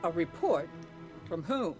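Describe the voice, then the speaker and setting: A guarded flower shop owner in a game speaks in a formal, clipped way. Her pitch moves a lot. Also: big pitch swings, measured pace, soft background music. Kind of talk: voiced game dialogue.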